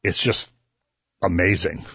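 A man's voice: deep voice, fairly even intonation, slow pace, sharp tone, breathy edge, dry recording, studio quality. A man hosting a Christian radio show, earnestly explaining a Bible passage to listeners and his co-host. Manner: earnest, explanatory, builds emphasis. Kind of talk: conversational Bible teaching.

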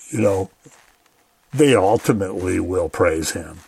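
A man's voice: sits low, creaky, husky. A man giving a radio Bible teaching in an earnest, conversational way, often saying "you know".

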